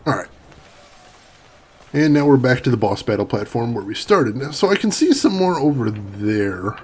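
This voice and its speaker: A man's voice: medium pitch, very animated, moderate pace, a little mellow, slightly rough. A man casually commenting on his game while chatting with viewers and laughing often. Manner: chatty, reads chat aloud, laughs often. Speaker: gaming streamer. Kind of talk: casual let's-play commentary.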